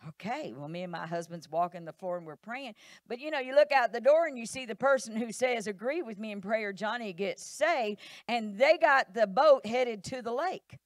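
A woman's voice: on the high side, lively intonation, moderate pace, dry recording, clean studio sound. A middle-aged woman pastor, preaching a sermon in a church, emphatic and repetitive, acting out quoted voices.

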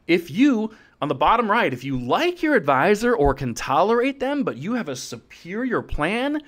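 A middle-aged man hosting a podcast about financial planning, energetic and jokey, swinging from loud outbursts to hushed asides. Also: high voice, normal speed, few pauses. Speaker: podcast host, financial advisor.

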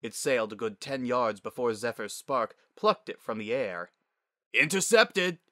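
A man narrating a story as a dramatic reading, measured and expressive. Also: medium pitch, no echo, clean studio sound.

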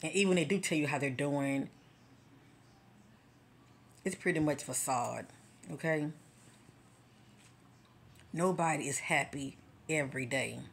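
A woman's voice: low-pitched, a little slow, long pauses, slight background noise. A woman giving a casual spiritual encouragement talk to her followers, speaking directly and conversationally like a preacher, often checking in with "okay?" and "you know.". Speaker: spiritual vlogger.

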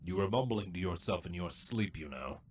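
A harsh, scornful older changeling drone, as a man puts him on for a storybook reading. He talks in gruff, clipped bursts, a touch low in pitch and unlike a plain voice, over faint background music. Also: animated, normal speed, a little mellow. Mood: impatient.

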